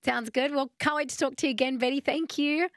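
Woman radio host, creaky voice. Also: high-pitched, steady tone, fairly quick, dry recording, clean studio sound. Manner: friendly, encouraging, reading quiz questions. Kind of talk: casual phone-in chat.

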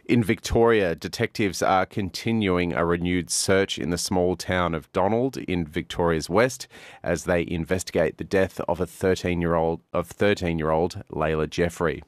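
Deep-voiced male newsreader. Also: no echo, clean studio sound. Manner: measured, formal delivery. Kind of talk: radio news bulletin.

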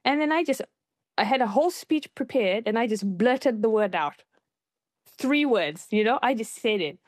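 Animated woman telling a personal story. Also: normal speed, no echo. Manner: animated, acts out quoted voices with high pitch jumps. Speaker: interview guest, filmmaker.

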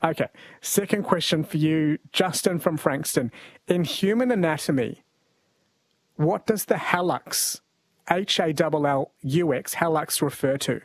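A man's voice: fairly high pitch, a little slow, no echo. An Australian man hosting a radio quiz show, chatty and jokey, laughing often. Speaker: radio host. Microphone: studio mic.

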